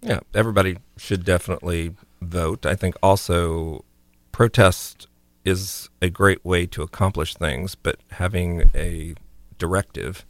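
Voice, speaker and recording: A man co-hosting a casual radio talk show, thoughtful and a little halting. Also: deep voice, fairly even intonation, no room sound.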